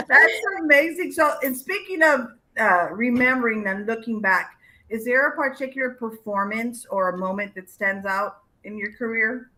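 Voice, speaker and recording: A woman hosting a casual podcast chat, upbeat and quick to laugh. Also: on the high side, bright, forceful tone, rough recording. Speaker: podcast host.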